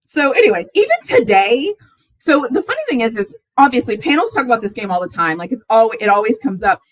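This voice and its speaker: Animated, high-pitched woman livestreaming. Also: fairly quick, no room sound, low-quality recording. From Texas fan, not origin. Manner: animated, laughs often, exclaims in rising squeals. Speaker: sports talk livestream host. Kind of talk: casual live chat.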